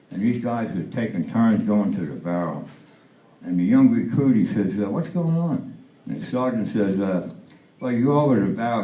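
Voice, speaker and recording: A man's voice: lowish voice, mellow, echoey room, poor audio. A man in his eighties doing stand-up for the first time, telling jokes with many fillers and restarts and raising his voice for the punchlines. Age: 80s. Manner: acts out the punchlines in a raised voice. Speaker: stand-up comedian. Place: comedy club stage.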